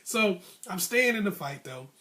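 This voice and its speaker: Male host, high register, casual storyteller who acts out the other voices. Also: measured pace. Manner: animated, acts out voices of coach and referee; casual, colloquial speech. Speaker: advice channel host.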